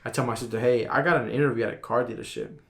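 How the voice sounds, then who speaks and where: A young man in his twenties chats easily on a podcast, his voice at an ordinary middle pitch. He tells his story in a loose, slangy way, with plenty of fillers along the way. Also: fairly even intonation, racing, a bit bright. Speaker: podcast guest. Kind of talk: casual chat.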